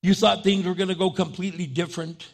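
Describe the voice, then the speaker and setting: A pastor delivering a sermon in a relaxed, conversational way, often repeating words and restarting sentences. His voice sits high for a man and has a gravelly edge. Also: quick pace. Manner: conversational preaching with repetitions and restarts.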